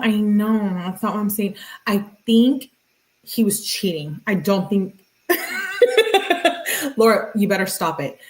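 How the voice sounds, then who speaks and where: A woman hosting a true-crime video, giving casual and blunt commentary. She swears freely and drops Spanish words into her speech. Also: mid-range voice. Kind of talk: casual commentary reading out text messages.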